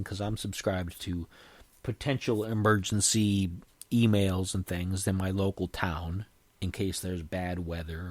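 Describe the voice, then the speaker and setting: With no room sound in the recording, a low-voiced man hosts his own podcast, rambling casually and restarting again and again.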